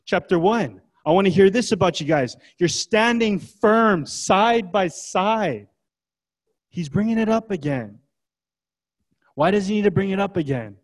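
A man's voice: high-pitched, lively intonation, fairly quick, darkish tone. A man preaching a sermon as pastor, in a casual, conversational way full of rhetorical questions. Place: church gathering.

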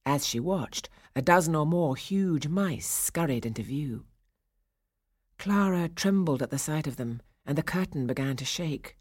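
A woman narrating a children's storybook, hushed in quiet passages and rising for the dramatic ones. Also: low voice, lively intonation, a little slow, husky, no echo, studio quality. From England. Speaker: audiobook narrator.

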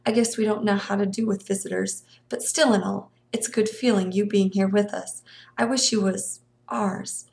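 A woman's voice: medium pitch, steady tone, moderate pace, gravelly, close to an everyday voice. Woman doing a shy, motherly country woman. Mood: tender. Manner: soft, awkward, folksy speech.

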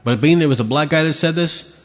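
A man's voice: on the high side, fairly quick, long reverb tail. A man hosting his own podcast, ranting bluntly and sarcastically with lots of swearing. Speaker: podcast host. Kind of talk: opinionated solo rant.

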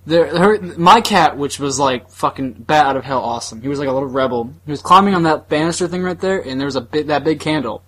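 A man's voice: fairly high pitch, lively intonation, quick pace, few pauses, fairly bright tone. A young man co-hosting a podcast, telling a long crude story in a rambling way, laughing along with himself. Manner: rambling, crude, laughs through his own stories. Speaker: podcast co-host. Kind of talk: casual storytelling chat.

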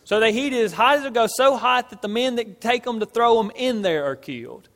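Pastor, male, high voice, emphatic delivery, loud-soft swings, reverberant hall. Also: moderate pace, hardly any pauses. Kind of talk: sermon.

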